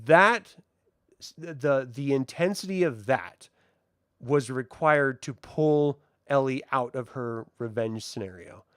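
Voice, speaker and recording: In a rumbling low voice and at a slow pace, a woman co-hosts a laid-back chat reviewing a TV episode. Her retelling of the scenes is lively, heavy on profanity and laughter, and the studio sound is clean with no room noise.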